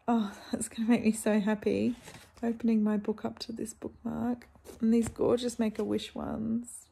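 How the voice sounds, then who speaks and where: Gravelly-voiced woman vlogging about books, slow and gushy, gasps and whispers a lot. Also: mid-range voice, flat delivery, slight background noise. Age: adult with sons. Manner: gushing, with gasps and hushed exclamations. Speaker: book vlogger. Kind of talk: casual book-haul vlog.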